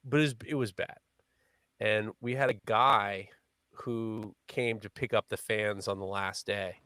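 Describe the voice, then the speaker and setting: A man co-hosting a live podcast, telling a funny story in casual, animated chat. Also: a little slow, no room sound. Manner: animated storyteller, rising pitch when excited. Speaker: podcast co-host.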